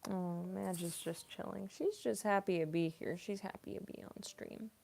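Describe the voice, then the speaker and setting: A woman's voice: mid-range voice, steady tone, normal speed, vocal fry, darkish tone, slight background noise. A young woman, a voice actress, chatting casually on a live stream, giggling often and cooing at her cat.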